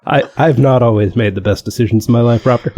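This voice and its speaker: A man's voice: medium pitch, quick pace, warm tone. A man co-hosting a podcast in casual chat, rambling with lots of "like" and frequent laughs. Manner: rambling, laughs often, many fillers. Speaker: podcast co-host.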